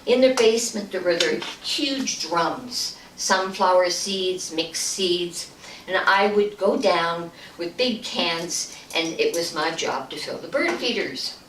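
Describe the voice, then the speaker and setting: A woman giving a storytelling speech at a club meeting, acting out the voices and dropping to a hush for punchlines. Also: fairly low pitch, slow pace. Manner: animated, acts out voices, hushed at punchlines. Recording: echoey room, distant mic, faint noise.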